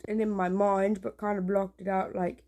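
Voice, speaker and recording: A young woman films herself on a phone inside a small home at night. She talks nervously in a hushed, rambling way and swears casually. Her voice sits in a mid range with a mellow, soft tone. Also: medium pitch, level tone, moderate pace. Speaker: vlogger. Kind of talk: casual handheld vlog.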